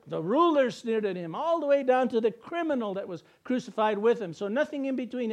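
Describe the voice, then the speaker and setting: High-voiced emphatic male preacher. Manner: emphatic, repetitive cadence with sudden loud bursts. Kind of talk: sermon.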